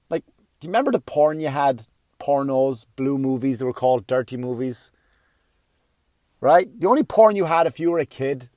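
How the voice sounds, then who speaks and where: A middle-aged man doing a stand-up comedy routine, profane and ranting, swinging from muttering to yelling. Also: mid-range voice, no room sound.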